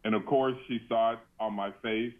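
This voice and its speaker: A man telling a childhood anecdote casually in an unhurried way. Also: fairly low pitch, steady tone. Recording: narrow phone-like sound.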